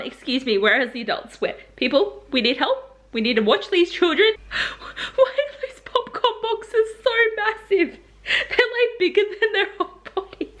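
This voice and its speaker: Young woman vlogging, bit high voice, gushy and excitable, laughs a lot. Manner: excitable, gushing, laughs often. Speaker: book vlogger. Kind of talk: casual reaction vlog.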